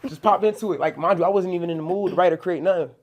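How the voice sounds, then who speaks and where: A man's voice: on the high side, fairly even intonation, very fast, a little mellow. A young man from New Jersey, a rapper talking casually in an interview, loose and slangy with plenty of swearing. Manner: loose, slangy, swears, many "you know what I'm saying". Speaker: rapper guest.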